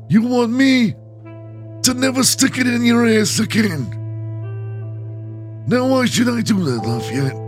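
A man's voice: very high voice, pitched above the performer's own voice, full character voice. A man doing a mock impression of an old mafia boss granting favors, in a put-on menacing, solemn manner.

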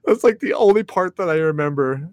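A man's voice: on the high side, a little fast, no echo. Male co-host, loose casual rants, curses often, acts out quotes, dry close sound. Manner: animated, swears freely, acts out quotes. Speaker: podcast co-host. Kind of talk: casual chat.

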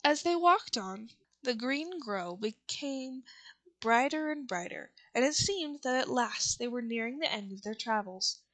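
A woman narrating a classic storybook in a steady reading voice. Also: fairly high pitch, a little slow. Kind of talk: audiobook narration.

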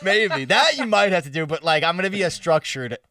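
Crude, teasing young podcast host. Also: male voice, high voice, animated, a little fast, sharp tone, no room sound, studio quality, distant mic. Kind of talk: casual chat.

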